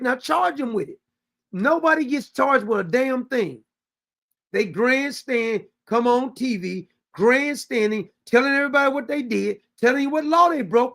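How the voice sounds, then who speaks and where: A man's voice: very high-pitched, gravelly. A man, hosting his own show and delivering a blunt, heated, profane political rant. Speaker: show host.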